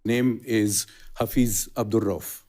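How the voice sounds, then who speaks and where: Official guy on tv interview, lowish voice, slow careful answers with lots of uhs. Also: steady tone, a little mellow, faint music behind. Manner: measured, halting, deliberate.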